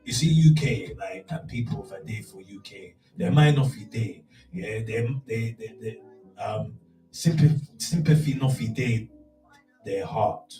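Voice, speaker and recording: A man with a Nigerian accent hosting a casual radio chat show, animated, often checking in with "you get me". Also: on the low side, a little slow, echoey room, recorded from a distance, soft background music, rough recording.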